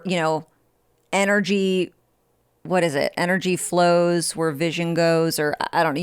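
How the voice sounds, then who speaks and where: Frank, coaching woman podcaster. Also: fairly low pitch. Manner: direct, coaching, frank and informal. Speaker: podcast host. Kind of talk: motivational podcast talk.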